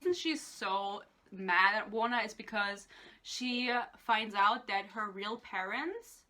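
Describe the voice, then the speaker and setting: Bright-voiced woman ranting about a book. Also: mid-range voice, takes it slowly. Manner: exasperated, swears often, laughs between points. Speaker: book reviewer. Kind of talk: casual book rant.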